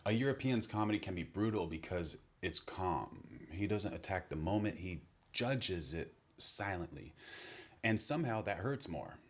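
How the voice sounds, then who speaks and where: Deep-voiced male commentator, wry, measured comedy monologue. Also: animated.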